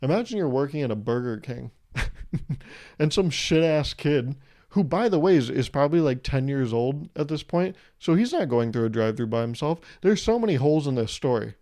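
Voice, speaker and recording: A man's voice: medium pitch, lively intonation, normal speed, warm tone. A young man hosting his own podcast, rambling through a solo comedic monologue in a sarcastic, mock-serious way and laughing at his own jokes. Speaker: podcast host.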